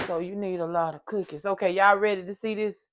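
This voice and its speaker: An older woman chatting casually to viewers while baking in her home kitchen. She hums along as she works and sometimes gets loud in the microphone. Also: mid-range voice, fairly even intonation, brisk, slight background noise. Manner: loud at times, apologizes for yelling into the mic. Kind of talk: casual cooking vlog.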